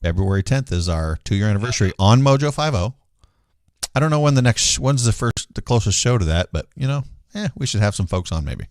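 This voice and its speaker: A man's voice: lowish voice, expressive, fairly quick, a little mellow, no room sound, studio quality. A man hosting a live talk show, rambling and self-deprecating in casual chat. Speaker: show host.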